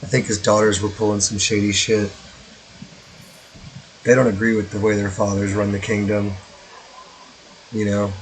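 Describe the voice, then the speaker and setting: A man's voice: on the low side, little pitch movement, moderate pace, long pauses, a little hiss or hum, rough recording. A man streaming a strategy game, chatting casually in a rambling, joking way with profane asides. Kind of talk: casual let's-play commentary.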